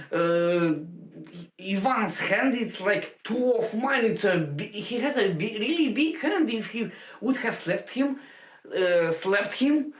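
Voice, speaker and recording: Slow, halting woman in a roomy space. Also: mid-range voice. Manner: halting, many fillers and restarts. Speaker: stand-up comedian. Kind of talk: casual anecdotal storytelling. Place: home room. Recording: roomy home recording.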